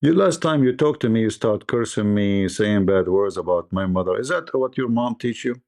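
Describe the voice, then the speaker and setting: A man's voice: on the low side, normal speed, darkish tone. Joking male livestream host. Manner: joking storyteller, mimics voices, laughs often. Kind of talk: livestream debate chat.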